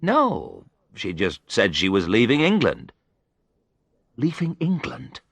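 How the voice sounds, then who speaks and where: A man's voice: fairly low pitch, wildly swooping pitch, takes it slowly, vocal fry, a bit bright, breathy edge, no room sound, exaggerated voice. A man voicing a puzzled, surprised male orchestra director who keeps asking what is going on. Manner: puzzled, questioning.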